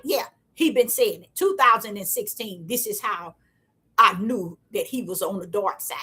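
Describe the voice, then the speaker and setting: A woman giving a casual, repetitive spiritual talk to her viewers in a preachy, excitable way. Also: mid-range voice, moderate pace, slightly rough. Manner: preachy, repetitive, excitable, African American Vernacular English. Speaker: online preacher.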